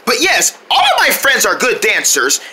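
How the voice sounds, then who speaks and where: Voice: medium pitch, moderate pace, heavy background noise. Someone voicing a shy, goofy cartoon boy. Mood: playful. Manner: chatty, self-doubting, animated. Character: shy, goofy young male cartoon character. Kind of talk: cartoon acting.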